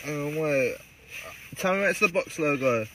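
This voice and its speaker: A young man bantering on a podcast, loud and full of swearing and slang. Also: a little high, expressive, moderate pace. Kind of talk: casual chat. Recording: distant mic with crowd noise.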